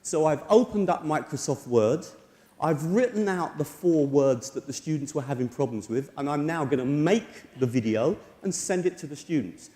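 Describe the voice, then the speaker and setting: A man gives a chatty, lively conference talk to a roomful of teachers. His voice is mellow and a little higher than most men's, and the lecture hall around him is roomy with a long ringing reverb. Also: moderate pace. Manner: lively, chatty, personal anecdotes.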